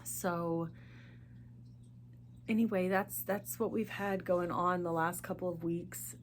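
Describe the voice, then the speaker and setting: A middle-aged woman hosting a podcast, talking earnestly and haltingly about grief and faith, often searching for her words. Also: fairly low pitch, fairly even intonation, slight background noise. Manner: speaks openly of grief and faith. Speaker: podcast host. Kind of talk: personal monologue.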